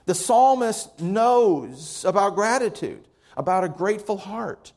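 A man preaching a sermon with an earnest, conversational warmth, turning often to speak straight to the congregation. His voice sits a little on the high side. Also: lively intonation, unhurried, gravelly. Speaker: pastor.

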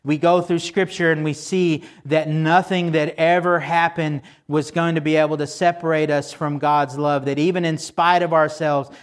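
A man with a fairly high voice delivers a sermon from the pulpit. He talks to his congregation in a relaxed, conversational way and checks in with them along the way. When he quotes scripture he slows down and leans on each word. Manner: conversational preaching, asks the congregation for responses. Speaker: pastor.

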